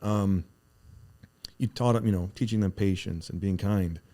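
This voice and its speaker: Male host with a low, warm, dark voice, frank and casual with mild swearing. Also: unhurried. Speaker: podcast host. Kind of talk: casual conversation.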